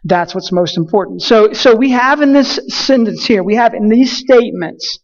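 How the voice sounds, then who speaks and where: A man's voice: high-pitched, expressive, moderate pace, lo-fi sound. A man preaching a casual sermon, telling a personal story in a loose, conversational way. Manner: conversational, frequent fillers and restarts, storytelling.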